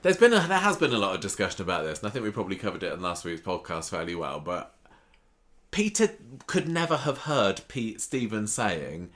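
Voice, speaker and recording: Male podcast co-host, lowish voice, chatty soap recapper who slips into characters' lines. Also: huge pitch swings, fairly quick, a bit bright. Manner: chatty, laughs often, acts out characters' lines. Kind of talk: casual chat recapping a soap.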